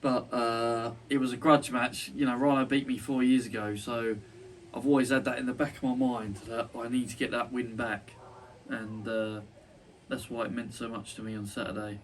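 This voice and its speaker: A boisterous man hosts a casual, sweary podcast chat full of ribbing. He sits well back from the mic, with a faint hiss of noise behind him. His pitch sits in a middling range. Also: little pitch movement, moderate pace, distant mic. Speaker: podcast host. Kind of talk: casual banter.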